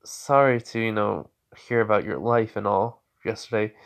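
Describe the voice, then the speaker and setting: A man voicing a hot-tempered, easily flustered young female mage in an amateur fan story, with high indignant exclamations. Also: moderate pace, creaky.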